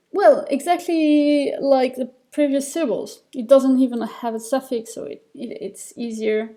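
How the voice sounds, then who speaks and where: A woman's voice: high voice, measured pace, hardly any pauses, mellow. A woman teaching a beginner reading lesson, explaining step by step in a patient way, with fillers and small restarts. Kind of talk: recorded lesson over slides.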